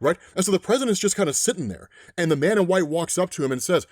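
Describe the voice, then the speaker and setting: A man hosting a comic book recap, retelling a story in an excitable, energetic way. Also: high voice, fast, dry recording, clean studio sound.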